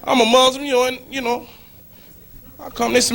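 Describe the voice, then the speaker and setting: High-voiced man doing punchy stand-up. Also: quick pace. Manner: punchy, shouting punchlines, acting out quotes. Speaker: stand-up comedian. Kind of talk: stand-up comedy set. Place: comedy club stage. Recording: live club recording, loud crowd and noise. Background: loud audience laughter.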